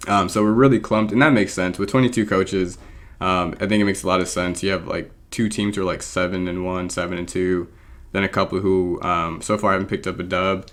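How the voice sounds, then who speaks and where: A man's voice: low-pitched, fairly even intonation, a little fast, fairly bright tone. A man chatting casually while he plays a competitive game, rambling with lots of ums and laughing at himself. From born in England, raised American. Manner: rambling, frequent ums, self-deprecating laughs. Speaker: draft league coach and video creator. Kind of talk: casual gameplay commentary.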